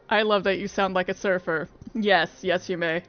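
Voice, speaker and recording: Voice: medium pitch, fairly even intonation, unhurried. A gaming streamer making casual, sarcastic, joking commentary while playing. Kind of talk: casual let's play commentary. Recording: dull audio over game music.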